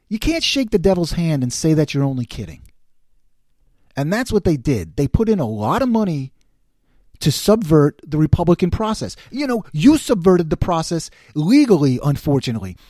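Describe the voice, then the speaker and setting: A middle-aged man hosting a podcast, delivering an opinionated political monologue in a sarcastic, animated way. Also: a little high, moderate pace, no echo, studio quality. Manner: animated, sarcastic, quotes others in put-on voices. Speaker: podcast host.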